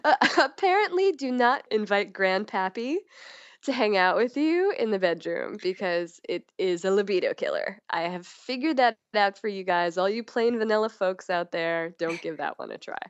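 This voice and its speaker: A woman's voice: mid-range voice, animated, normal speed, clear, resonant tone, dry recording, highs cut off. A woman guest in a casual podcast chat, talking candidly and playfully, with frequent laughs and restarts.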